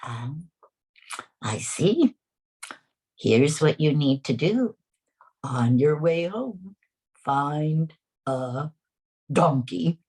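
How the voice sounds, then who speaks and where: A woman voicing a patient, wise old male rabbi who gives firm advice in a lowered, gravelly voice. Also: lively intonation, drawn-out words, long pauses, dark tone, full character voice. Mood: calm. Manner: patient and authoritative. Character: calm wise old village rabbi, a man.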